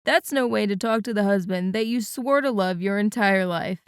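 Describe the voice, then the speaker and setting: A woman's voice: mid-range voice, normal speed, smooth, no room sound, studio quality, close to an everyday voice. A woman voicing a joking adult man with a playful, teasing manner in an audiobook. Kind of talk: audiobook character voice.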